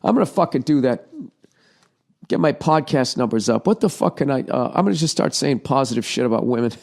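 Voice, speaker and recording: A man's voice: mid-range voice, expressive, fairly quick, vocal fry, a little mellow. A middle-aged man hosting a podcast, ranting sarcastically through a profane comedic monologue. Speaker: podcast host.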